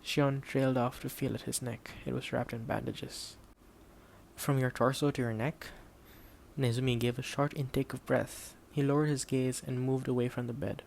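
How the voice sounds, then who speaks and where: Gravelly male audiobook narrator. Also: medium pitch, level tone, moderate pace, slight background noise.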